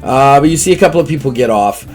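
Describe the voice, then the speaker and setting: A man's voice: mid-range voice, lively intonation, fast, a little mellow, faint music behind. A man narrating as game master of a tabletop game, casual and rambling with many fillers.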